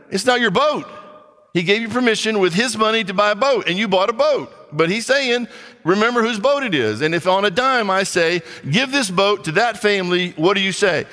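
A man's voice: high-pitched, animated, fairly quick, bright, forceful tone, big-room sound. A male pastor preaching a conversational sermon, reading scripture and acting out little dialogues.

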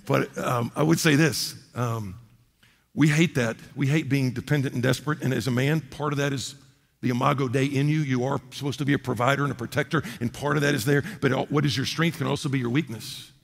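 A man preaching a sermon as a pastor from the United States, emphatic, repeating key phrases and swinging between loud and quiet. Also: mid-range voice, steady tone, fairly quick, gravelly. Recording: long hall reverb.

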